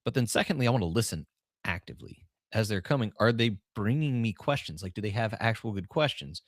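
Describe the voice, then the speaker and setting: A man with a lowish voice talks through coaching tips in a loose, rambling way. He restarts sentences and leans hard on certain words. The sound is dry and close to the mic. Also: expressive, brisk, no room sound. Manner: rambling, with restarts and shifting emphasis. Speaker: podcast host and business coach. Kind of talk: casual coaching talk.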